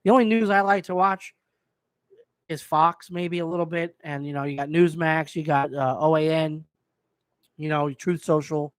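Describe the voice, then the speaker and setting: A man's voice: a little high, fairly even intonation, normal speed, smooth, no echo. Fired-up profane man ranting. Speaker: host. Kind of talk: live stream rant.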